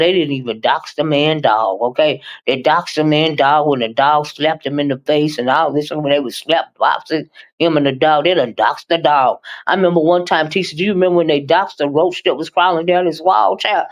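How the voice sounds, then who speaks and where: Chatty and animated, a low-pitched woman runs a casual live-stream commentary, addressing viewers as "child" and "honey" and occasionally hurrying her words.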